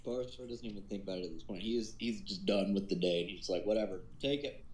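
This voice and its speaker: A man's voice: deep voice, steady tone, fast, a little mellow, roomy sound, rough recording. A man playing a tabletop game, talking in a laid-back, dry way. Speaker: player.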